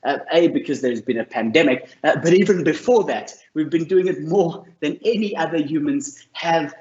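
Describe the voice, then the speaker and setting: A man's voice: on the high side, moderate pace. A man presenting a mental health course, telling stories in an earnest, encouraging way. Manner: earnest, storytelling, warm and encouraging. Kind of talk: motivational talk to camera. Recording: roomy, slightly dull sound.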